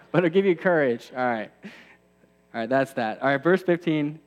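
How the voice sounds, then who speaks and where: A man's voice: a little high, animated, moderate pace, long reverb tail, lo-fi sound. A man in his thirties preaching a sermon to a campus ministry, conversational with self-deprecating asides that build to emphatic peaks.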